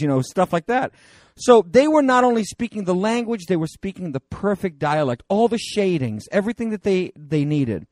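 Animated, higher-voiced male preacher. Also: moderate pace, dry recording. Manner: animated and digressive, with many fillers and restarts. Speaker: pastor. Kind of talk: conversational sermon.

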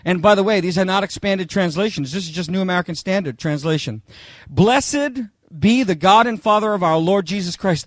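A man preaching a sermon, emphatic, quizzing the congregation and swinging between loud proclaiming and quick asides. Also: sits high, dry recording.

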